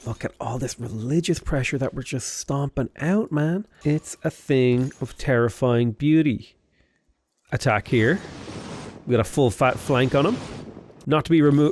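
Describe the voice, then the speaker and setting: A man's voice: medium pitch, darkish tone, a little hiss or hum. A young man chatting casually while playing a strategy game, rambling into jokey asides. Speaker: gaming YouTuber. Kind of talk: casual gameplay commentary.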